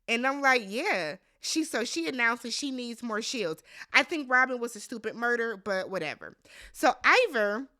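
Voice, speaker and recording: A woman recapping a reality show in a casual vlog, with a bright, forceful, fairly high voice. She is blunt and exasperated, swears freely and fires rhetorical questions straight at the contestants. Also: animated, moderate pace.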